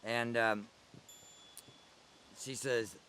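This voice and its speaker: A man's voice: mid-range voice, steady tone, extremely slow, bright, forceful tone, slight background noise. An older man recalling his early days at the gathering in a rambling, conversational oral-history style. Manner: rambling, conversational storytelling with digressions.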